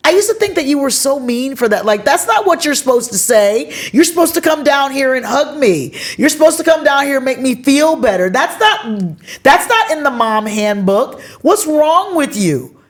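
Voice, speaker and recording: A middle-aged woman hosting a casual, heartfelt conversation, telling stories with animated swings in her voice. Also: normal speed, hardly any pauses. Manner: animated storytelling, expressive pitch swings. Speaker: podcast host.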